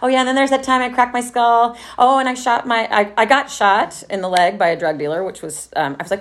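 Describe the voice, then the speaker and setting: A woman's voice: a little high, expressive, fast talker, few pauses, a little hiss or hum. A middle-aged woman from Texas, telling a personal story to a live audience in a candid, wry way, often laughing and saying "like". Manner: candid, wry, laughs through dark memories, many fillers like "like".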